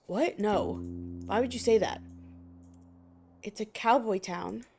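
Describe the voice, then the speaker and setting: A woman's voice: mid-range voice, takes it slowly, gravelly, darkish tone, soft background music. Woman doing a prickly detective supervisor. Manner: prickly, defensive.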